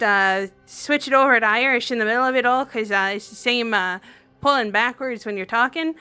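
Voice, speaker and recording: A bright, crisp woman's voice, a little higher than most, trading jokes in loose roleplay banter. She keeps her talk light and chatty and drags her vowels out as she hams up a put-on accent. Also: fairly quick, faint music behind. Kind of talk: playful roleplay banter, putting on a Minnesota-style accent.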